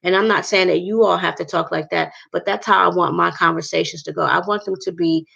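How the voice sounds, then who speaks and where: A woman's voice: on the low side, fairly even intonation, brisk, vocal fry, fairly bright tone, slightly rough, highs cut off. A woman vlogger talking earnestly to her viewers about faith, rambling and repeating herself.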